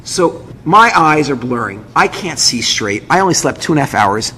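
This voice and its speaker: A man, a rabbi, telling a dramatic personal story with vivid acted dialogue and quick asides. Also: medium pitch, sing-song, sharp tone. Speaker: rabbi, speaker. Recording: echoey hall with faint noise.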